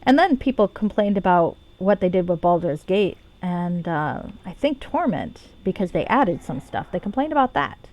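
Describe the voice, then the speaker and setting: A woman's voice: fairly low pitch, big pitch swings, moderate pace, hardly any pauses, darkish tone. Woman, game streamer, casual rambling chat, swears freely, self-deprecating. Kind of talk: casual live-stream commentary.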